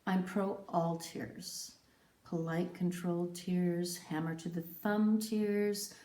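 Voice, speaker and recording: A woman telling her own story in scripted, reflective narration, with a measured, poetic and emphatic delivery. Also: fairly low pitch, little pitch movement, warm tone. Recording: roomy echo.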